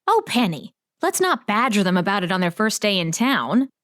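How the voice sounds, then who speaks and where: A woman's voice: mid-range voice, big pitch swings, moderate pace, a bit bright. A woman voicing a theatrical, gossipy small-town woman in an audiobook, coy and fond of drama. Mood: gossipy, dramatic. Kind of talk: audiobook character voice.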